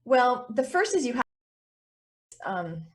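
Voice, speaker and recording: A woman's voice: a little high, big pitch swings, slow pace. A woman business coach as an interview guest, talking casually and animatedly and acting out little voices and reactions.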